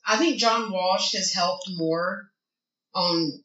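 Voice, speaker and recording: Blunt, swearing woman podcast co-host, bright, losing her voice, roomy lo-fi mic. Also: on the low side, slow pace. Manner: blunt, swears freely, emphatic opinions. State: losing her voice from being sick. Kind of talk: casual true crime podcast chat.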